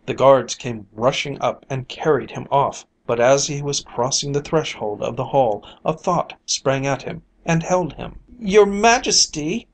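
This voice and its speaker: Storyteller for a fairy-tale reading; slow, lilting, unhurried. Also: medium pitch, poor audio.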